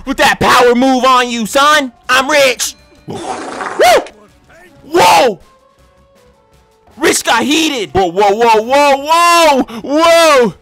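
A man giving loud, slangy play-by-play commentary on his own gameplay, yelling and whooping at the action. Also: very high voice, very slow, vocal fry, long pauses, faint music behind. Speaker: gaming channel host. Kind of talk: excited let's-play commentary.

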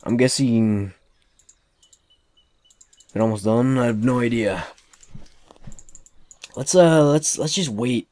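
A young man giving casual, excitable gameplay commentary, swearing often and talking to the characters on screen. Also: medium pitch, slow, pauses often, no room sound. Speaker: let's play gamer.

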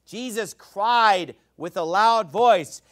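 A man preaching a Baptist sermon, emphatic and animated, now and then shouting out acted quotes. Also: high-pitched, unhurried.

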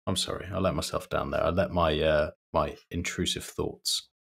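A deep, forceful-sounding man, chatting casually as a podcast co-host. He talks bluntly, with plenty of swearing and strong opinions. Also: fairly even intonation, normal speed, vocal fry, breathy edge. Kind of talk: casual chat.

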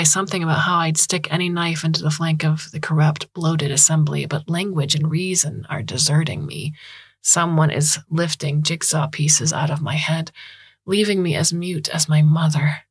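A woman reading a science fiction story aloud as podcast narrator, in a measured, even manner. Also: low-pitched, husky, no room sound, studio quality. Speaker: audiobook narrator.

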